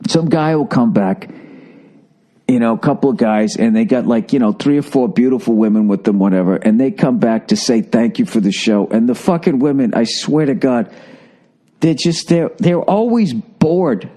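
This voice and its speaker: This middle-aged podcast host has a medium-pitched, dark voice at normal speed. He rants profanely in a casual comic monologue, repeating words as he works himself up.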